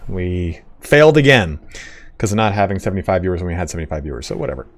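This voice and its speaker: A man's voice: low voice, lively intonation, fast talker. A man streaming a game, chatting casually in a rambling, stop-start way and swearing now and then, on a desk microphone. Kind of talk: casual chat while gaming.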